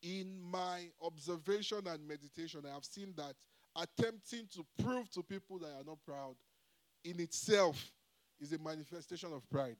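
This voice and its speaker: A man's voice: a little high, moderate pace. A man preaching a sermon, emphatic, often calling out to the congregation for a response. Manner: call-and-response, repeatedly asking the congregation "Hello?"; emphatic with swings in loudness and pace.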